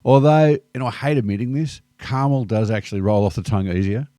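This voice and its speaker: Aussie dad vlogger, wry scripted voice-over, warm tone, dry booth sound. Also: male voice, mid-range voice, fast, dry recording. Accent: Australian. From Australia. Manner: wry, joking delivery. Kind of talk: scripted narration.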